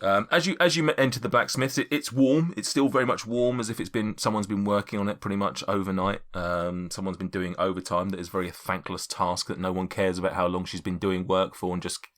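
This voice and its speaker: A man's voice: low voice, steady tone, a little fast, hardly any pauses, fairly bright tone. A man acting as game master, narrating a tabletop game with lots of fillers and restarts. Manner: rambling, with many fillers and restarts.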